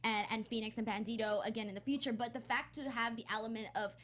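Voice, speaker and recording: Excitable woman, brighter voice. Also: on the high side, quick pace. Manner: excitable fan, piles up restarts and fillers. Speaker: podcast panelist. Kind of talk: casual chat.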